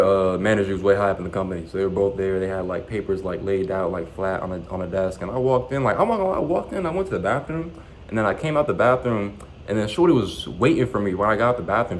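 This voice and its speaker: Fast-talking young man telling a story. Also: lowish voice, slight background noise, poor audio. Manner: animated, profane, slangy retelling with lots of fillers. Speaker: vlogger. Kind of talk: casual storytelling.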